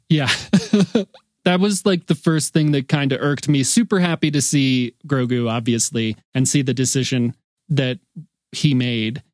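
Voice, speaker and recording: A man's voice: mid-range voice, unhurried, no echo, clean studio sound. A man co-hosting a podcast, talking in a casual, rambling way and often correcting and hedging himself. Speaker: podcast co-host. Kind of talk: casual chat.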